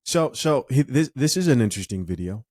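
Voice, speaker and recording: A man hosting a commentary video, calmly reading out viewer comments. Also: medium pitch, no room sound, studio quality. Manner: measured, reads comments aloud. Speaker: commentary host.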